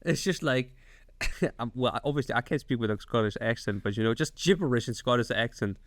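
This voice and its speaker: A man co-hosting a podcast in casual chat, easygoing and quick to laugh. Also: medium pitch, no room sound. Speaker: podcast co-host.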